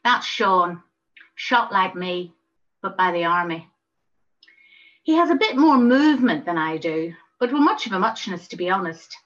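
A woman's voice: mid-range voice, a bit bright, natural voice. A candid young English soldier recalls being shot, as a woman telling the story voices him. He speaks plainly, with little put-on colour. The sound is dull and lo-fi. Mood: wry.

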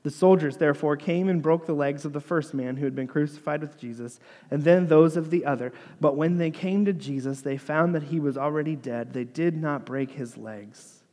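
A man's voice: on the high side, normal speed, few pauses. Dramatic preacher man, hall echo. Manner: dramatic storytelling, dropping to a hush for quoted words, rising for crowd lines. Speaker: pastor. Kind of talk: sermon. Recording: long hall reverb.

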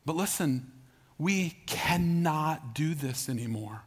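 Preaching slowly and with animation, a middle-aged Southern U.S. pastor with a fairly high, slightly rough voice hammers home his points, repeating phrases and calling out to the congregation.

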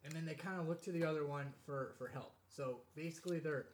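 A man's voice: fairly high pitch, fast, slight background noise. A man casually rambling through a movie review with friends, swearing and restarting his sentences.

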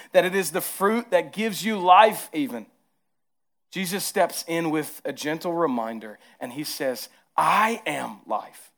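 A pastor with a Southern accent preaches a sermon, his voice sitting high. He moves between hushed, tender lines and emphatic rises.

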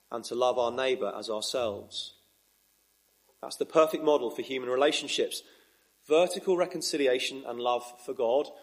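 A man preaching a sermon in an earnest, measured way, with emphatic rises. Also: mid-range voice.

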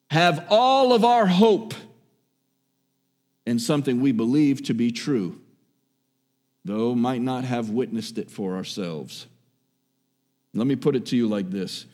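A man preaching a sermon with emphasis, repeating key phrases and swinging between raised exhortation and hushed, quiet lines. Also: medium pitch, animated, slow, long pauses. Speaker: pastor.

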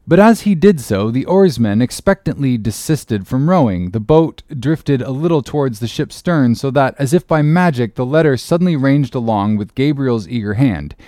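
A man narrates an old novel with a lively, rising and falling pitch and a measured pace. The recording is dry and close, with no room sound. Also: no echo. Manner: measured, expressive storytelling. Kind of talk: audiobook reading of a classic novel.

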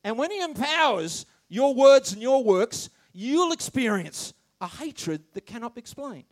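Man, preacher, sermon, high voice, animated, shouted bursts, quiet asides. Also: measured pace. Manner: animated, swings between loud shouts and quiet asides, laughs often; restarts and stammers when excited.

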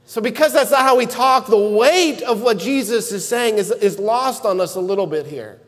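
A man preaching a sermon, earnest and measured, building to emphatic shouts at key points. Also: sits high, in a large hall. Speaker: pastor.

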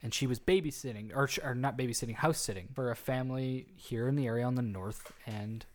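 A man's voice: medium pitch, quick pace. A man casually telling an urban legend on a podcast, rambling with restarts. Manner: rambling, frequent restarts and fillers. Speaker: podcast co-host telling a story. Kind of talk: casual storytelling chat.

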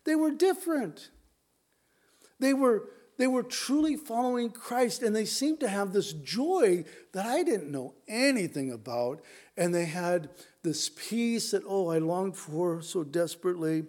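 Conversational male pastor, fairly high voice. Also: lively intonation, a little slow, darkish tone. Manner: conversational, with many restarts and asides to the congregation. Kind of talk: sermon.

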